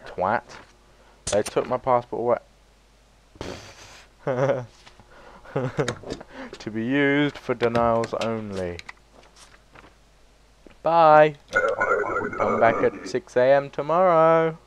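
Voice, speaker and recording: A man giving sweary, excitable let's play commentary, breaking into loud yelps between muttered remarks. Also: mid-range voice, slow, long pauses, noisy background. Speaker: gaming YouTuber.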